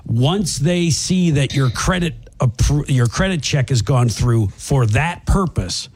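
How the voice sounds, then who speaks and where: A man's voice: mid-range voice, expressive, unhurried, darkish tone, breathy edge. A middle-aged man telling a story in casual chat, laughing and acting out the people he quotes.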